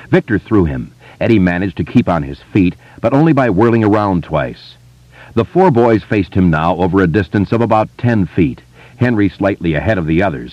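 A man narrating an audiobook in an expressive, dramatic manner. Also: sits low, dry recording. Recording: slightly muffled dry studio.

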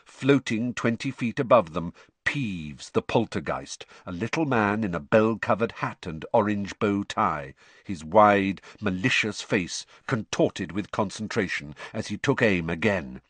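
Expressive low-voiced male storyteller. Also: a little slow, breathy edge, dry recording. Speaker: audiobook narrator. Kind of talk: scripted narration.

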